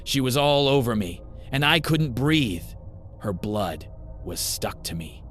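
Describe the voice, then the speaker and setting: A man's voice: medium pitch, sing-song, slow pace, fairly bright tone, faint music behind, voice pushed up. A man voicing a grief-crazed teenage boy who speaks in a strained, unhinged way.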